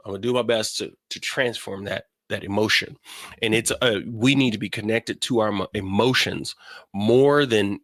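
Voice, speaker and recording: A middle-aged man hosting a casual spiritual talk, telling stories with animated acted-out quarrels in a high voice. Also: normal speed, no room sound, studio quality. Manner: animated storytelling, acts out family quarrels in a high voice. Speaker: host.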